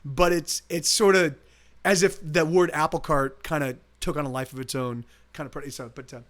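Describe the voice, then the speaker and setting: A man's voice: fairly high pitch, fairly even intonation, moderate pace, fairly bright tone. A male musician streaming live, telling a rambling, casual story full of restarts and swearing, with faint guitar behind.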